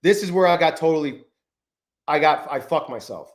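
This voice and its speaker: A livestreaming trader man whose voice sits on the higher side. His talk is loose and profane, full of self-directed frustration. Every so often he breaks off to greet viewers in the chat by name. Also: expressive, normal speed. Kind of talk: live-stream chat while trading.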